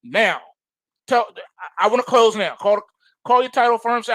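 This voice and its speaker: A man's voice: sits high, normal speed, dry recording. A male trading show host giving emphatic, slangy market commentary to his viewers, insistent and repetitive. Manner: animated and insistent, repeats phrases for emphasis; slangy, addresses viewers as folks.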